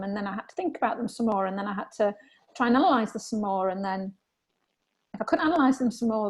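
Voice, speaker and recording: Woman guest, raspy and gravelly, candid and reflective. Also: fairly high pitch, rough recording. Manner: candid and animated when reenacting herself. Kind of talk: reflective conversation.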